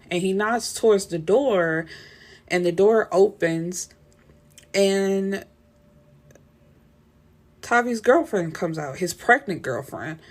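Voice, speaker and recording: A woman casually recapping a novel's plot, animated and full of fillers. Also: medium pitch, slow, long pauses. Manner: animated retelling with many fillers and quoted dialogue. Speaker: book reviewer.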